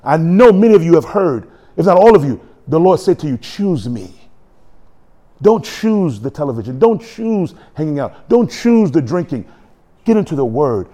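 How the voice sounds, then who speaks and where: A man preaching a sermon in a church, animated and joking, acting out quotes as he goes. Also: fairly high pitch, moderate pace. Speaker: pastor.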